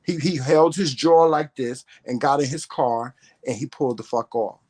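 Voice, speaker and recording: A man's voice: medium pitch, normal speed, darkish tone. A man vlogging to camera, telling a story in a profane, confrontational rant full of emphatic repetition.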